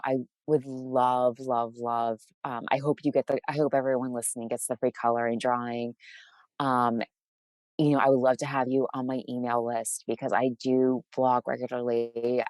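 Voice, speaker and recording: A woman from Massachusetts with a faint local accent, chatting as the guest in an interview, bubbly and quick to laugh, with many restarts. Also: rumbling low, darkish tone, dry recording. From Massachusetts, USA. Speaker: author guest. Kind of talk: casual interview chat.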